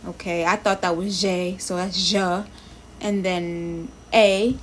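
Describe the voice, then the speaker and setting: On a live stream with slight background noise, a woman works through language practice in a low-ish, steady voice at a slightly slow pace. She chats casually, sounds out the lesson text as she reads, thinks aloud, and greets people in the chat.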